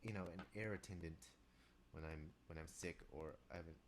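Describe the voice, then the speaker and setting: A man's voice: brisk, slight background noise. A man with a stuffy nose, chatting to viewers in a live stream as he composes, rambling and distracted. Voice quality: deepened, congested voice. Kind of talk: casual live-stream chat while working.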